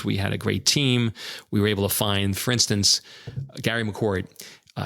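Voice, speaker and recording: Brief: low, gravelly man, an animated interview storyteller. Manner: animated anecdotes with quoted dialogue. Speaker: guest, publishing executive.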